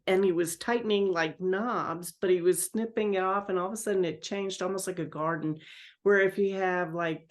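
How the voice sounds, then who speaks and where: A woman in a meditation group describing her vision, telling it in a rambling way with many fillers. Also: lowish voice. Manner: rambling, filler-heavy storytelling. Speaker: participant.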